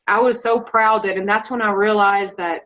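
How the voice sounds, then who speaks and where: A woman from Colorado, United States, a finalist in a hunting contest, tells a story in a casual interview, chatty and emotional and full of "like." Her voice is mid-range and fairly bright, with fairly even intonation at a normal speed. The recording has a dull lo-fi sound.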